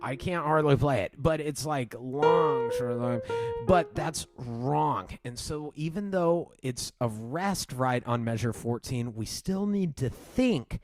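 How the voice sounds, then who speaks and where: In a piano tutorial, a man with a slightly high, animated voice explains a piece and counts the swing rhythm aloud while playing. He speaks a little slowly with few pauses, and loud piano music plays behind him.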